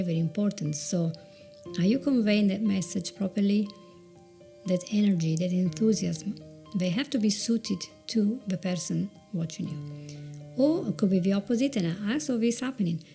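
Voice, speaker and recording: A video presentation coach whose first language is Italian gives chatty, conversational advice in a gravelly, dark, mid-range voice. She's self-mocking and repeats words while she thinks.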